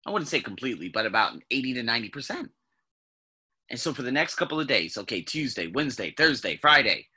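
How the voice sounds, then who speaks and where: A man casually telling a personal story on his vlog, animated and swearing freely, sometimes mimicking sounds. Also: medium pitch, fast talker, husky. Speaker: vlogger.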